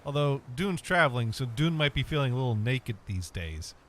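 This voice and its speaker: A man's voice: mid-range voice, sing-song, moderate pace, fairly bright tone, a little hiss or hum. A man hosting a casual gaming stream from home, rambling, making dry jokes and reading chat aloud. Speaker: streamer host. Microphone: webcam and desk mic.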